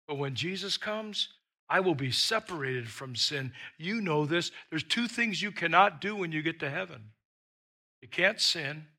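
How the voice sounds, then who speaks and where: Brief: emphatic male pastor with a high, ringing voice, preaching. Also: bright, forceful tone. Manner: emphatic, repeats words for stress. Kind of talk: sermon. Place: church with an online audience.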